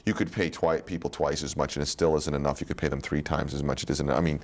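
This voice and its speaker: A man being interviewed as a guest actor, telling stories in a casual, animated way and slipping into other voices. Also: very deep voice, quick pace. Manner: animated storytelling, slips into voices.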